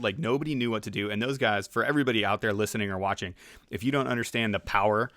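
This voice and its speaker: A man co-hosting a podcast, telling stories in a casual, animated way and often slipping into other people's voices. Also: mid-range voice, very fast, dry recording, clean studio sound. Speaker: podcast co-host. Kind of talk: casual storytelling chat.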